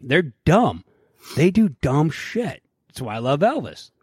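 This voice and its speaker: An unhurried, slightly rough male voice on the high side belongs to a podcast co-host telling loud, animated stories. He swears plenty and acts out quotes in a casual chat, recorded dry at studio quality.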